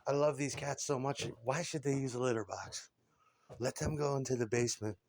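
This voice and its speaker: A man's voice: mid-range voice, fairly quick, a little mellow, slight background noise. A man in his forties delivering a rambling, crude comic monologue, laughing often and stumbling over repeated words.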